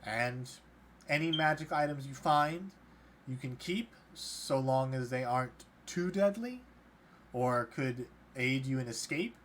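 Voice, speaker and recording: A man's voice: mid-range voice, animated, takes it slowly, a bit bright, slight background noise. A man voicing a polite, hesitant male prisoner who acts as an official, stumbling over his words in a tabletop game.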